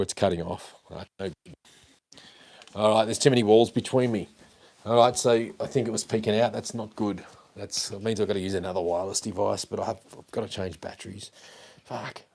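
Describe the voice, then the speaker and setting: A man with a lowish, darkish voice hosts a livestream on a wireless mic, swearing and chatting casually as he tinkers with gear. He rambles while walking around his house and along a hallway.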